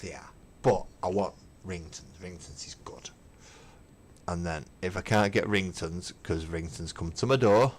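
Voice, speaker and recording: On a painting livestream, a middle-aged hobby host chats casually as he paints, emphatic, opinionated and swearing through his rants. His voice is low and a little slow, with slight background noise.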